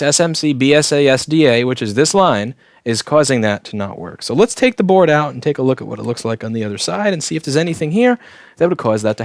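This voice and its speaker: A man's voice: medium pitch, no room sound. A man hosting a live repair stream with joking asides while he works, his throat a little sore. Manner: wisecracking, offhand asides while working. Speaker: electronics repair technician and host. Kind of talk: live repair walkthrough with chat replies.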